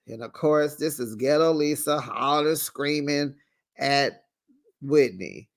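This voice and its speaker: Man recapping a TV show, lively and animated, laughs a lot, slightly higher voice. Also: slow pace, creaky. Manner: animated, acts out quotes, laughs often. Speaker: TV recap host. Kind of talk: casual TV recap commentary.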